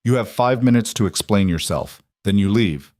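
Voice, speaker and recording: A man voicing a severe aristocrat who speaks flatly and curtly. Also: on the low side, moderate pace, no room sound, studio quality, close to an everyday voice. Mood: cold. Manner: flat, curt. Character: cold, severe male aristocrat.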